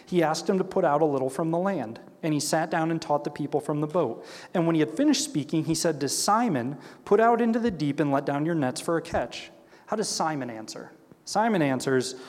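A man's voice: on the high side, lively intonation, a little fast, a little mellow. A man leading a Bible study, reading scripture aloud and explaining it in a conversational way, often checking in with "right?". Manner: acts out quoted characters with shifting voice. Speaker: Bible teacher. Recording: long hall reverb.

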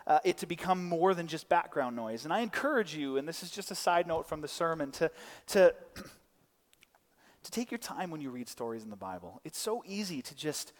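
Male pastor, fairly high voice, chatty sermon with side notes, long hall reverb. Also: very animated, moderate pace. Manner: conversational, many restarts and side notes. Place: church.

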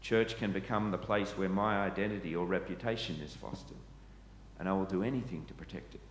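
A man's voice: sits low, steady tone, brisk. A man preaching a sermon, earnest and asking his listeners questions. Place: church. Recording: echoey church hall, faint ambient noise.

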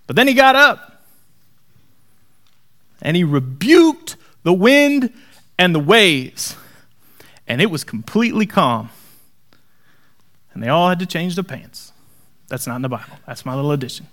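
Male pastor, high voice, dramatic sermon delivery, hushed near-whispers, playful asides. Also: very animated, unhurried, long pauses.

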